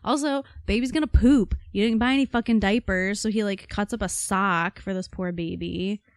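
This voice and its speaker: A woman in casual true-crime chat who speaks bluntly and swears freely. Her voice is mid-pitched and recorded dry and close. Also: normal speed, no echo. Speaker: podcast co-host.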